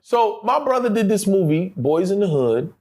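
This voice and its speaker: In a casual interview, a middle-aged male actor tells stories in an animated, profane way, laughing often and acting out the voices of people he quotes. His voice sits high and moves at normal speed.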